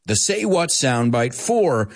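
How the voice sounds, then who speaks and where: A man teaching English on a live show, talking in a loose, chatty way and slipping into Spanish now and then. His pitch swings widely and lively from phrase to phrase. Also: takes it slowly. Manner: lively, chatty, drops Spanish words in, laughs often. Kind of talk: live online English lesson.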